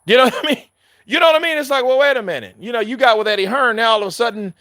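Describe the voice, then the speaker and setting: Casual male boxing commentator, loud and profane, with a bright tone and a dry sound. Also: extremely high pitch, rapid-fire, no room sound. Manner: animated, profane, laughs often, restarts mid-sentence; addresses viewers directly. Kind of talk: casual chat.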